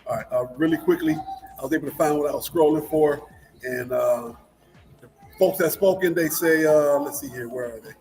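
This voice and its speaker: A man co-hosting a sports talk show, with rambling, halting speech full of repeated words and restarts. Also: on the high side, creaky, darkish tone, faint music behind, poor audio. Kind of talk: casual sports chat.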